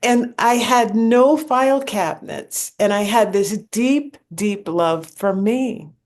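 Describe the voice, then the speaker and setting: Slow-speaking woman telling a personal story. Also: medium pitch, darkish tone. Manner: slow, storytelling delivery with emphatic repetition. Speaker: speaker sharing a spiritual experience. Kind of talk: personal testimony talk.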